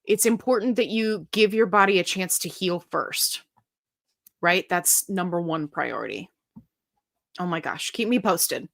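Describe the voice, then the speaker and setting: A woman's voice: on the low side, unhurried, gravelly. Chatty woman hosting a live Q&A. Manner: chatty and animated, reads comments aloud, breaks into silly sung bits. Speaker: livestream host answering viewer questions. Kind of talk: casual live Q&A chat.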